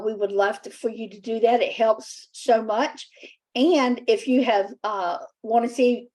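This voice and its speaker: A woman's voice: on the high side, darkish tone, poor audio. A woman hosting a talk show, reading a scripted introduction and earnestly urging viewers, with fillers when she goes off script.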